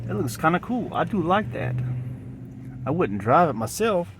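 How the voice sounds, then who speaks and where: A man's voice: fairly high pitch, big pitch swings, moderate pace, fairly bright tone, a little hiss or hum. A man vlogging outdoors by a gas station, talking in a rambling, musing way and repeating himself as he goes.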